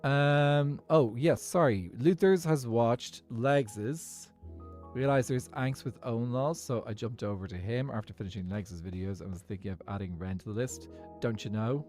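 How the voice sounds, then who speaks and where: A man's voice: mid-range voice, moderate pace, a little mellow, faint music behind. Rambling Irish man streaming a game. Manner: rambling, thinks aloud, chats to viewers. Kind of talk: casual live-stream chat while gaming.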